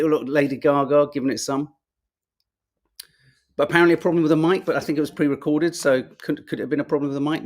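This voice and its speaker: A man hosting a podcast, reviewing the papers in a chatty, wry, sarcastic way and musing aloud as he goes. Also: a little high. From Britain. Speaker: podcast host. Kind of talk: casual newspaper review chat.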